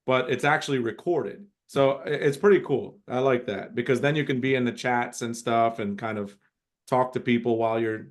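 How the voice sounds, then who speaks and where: A middle-aged man hosting a casual group coaching call, talking in an encouraging, rambling way with frequent restarts. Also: mid-range voice.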